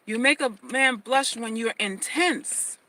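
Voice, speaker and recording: A woman's voice: a little high, takes it slowly, pushed and bright, low-quality recording. Emphatic woman giving livestream advice. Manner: emphatic, repeats phrases, stammers on restarts. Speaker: host. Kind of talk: casual livestream advice talk.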